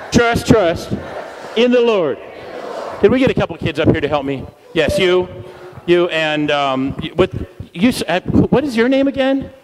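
Lively, high-voiced man leading a church crowd. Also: slight background noise. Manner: energetic and playful, leading the crowd in repeated chants. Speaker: guest speaker at a church service. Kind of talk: interactive church talk with call and response. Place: church hall. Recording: long reverb of a church hall.

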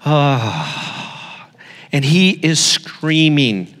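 A man's voice: a little high, very animated, extremely slow, a bit bright. A middle-aged man preaching a sermon as pastor, telling stories with emphatic repetition. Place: church hall. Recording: long hall reverb.

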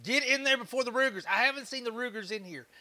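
With a Texan accent, a man hosting a woodworking livestream as a woodturner keeps things relaxed and chatty, laughing a lot and swearing offhandedly. His voice is very high and sharp, and he talks quickly.

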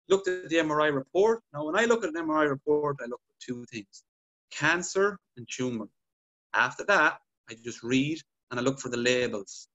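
A man chatting on a podcast, telling patient stories with lively acted-out dialogue. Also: on the high side, a little fast. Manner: animated storytelling, acts out patient dialogue. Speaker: podcast guest clinician. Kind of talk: casual podcast chat.

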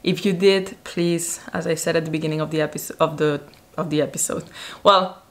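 A woman's voice: deep voice, fairly even intonation, fairly quick. A young woman chatting casually as a vlogger, recapping a TV show, a bit out of breath. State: pregnant, out of breath.

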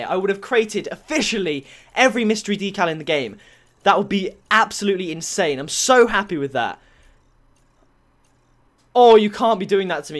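Young male gamer host, excitable, loud outbursts, laughs a lot. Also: sits high. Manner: excitable, bursts into shouts and laughs. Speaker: gaming YouTuber. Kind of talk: excited game-opening commentary.

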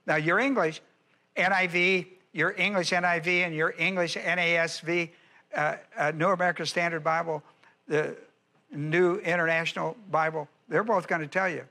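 A man's voice: fairly high pitch, fairly even intonation, moderate pace, sharp tone. A male pastor teaching a Bible lesson verse by verse, emphatic and repeating key phrases as he quizzes his listeners.

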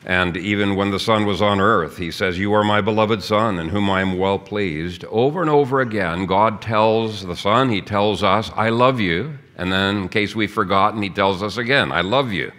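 A man's voice: lowish voice, moderate pace, hardly any pauses, fairly bright tone. A man preaching a sermon as pastor, teaching earnestly and reading out scripture. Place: church.

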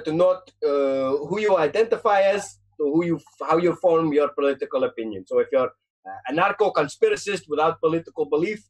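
A man voicing a pompous male Russian spy pundit with a put-on Russian accent and a slight lisp, lecturing long-windedly in improvised role-play. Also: a little high. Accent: put-on Russian, drifting English. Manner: long-winded mock lecture, halting fillers.

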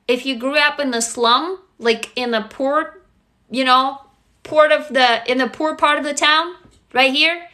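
A middle-aged woman with a Russian accent talks candidly on a phone livestream, drifting between stories and reading viewers' comments aloud. Her voice is bright and clear, pitched a little high. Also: unhurried. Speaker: livestream host. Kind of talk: casual livestream chat.

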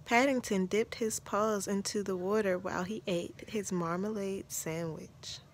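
A woman reading a children's story aloud in a gentle, measured storytelling manner. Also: mid-range voice, fairly even intonation, a little hiss or hum. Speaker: storybook narrator.

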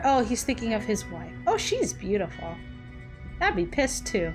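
A woman reacting to a movie as the host, loudly cheering, cursing and laughing at the screen, with the film soundtrack playing underneath. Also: on the high side, big pitch swings, moderate pace. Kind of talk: casual movie reaction commentary. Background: movie audio and music.

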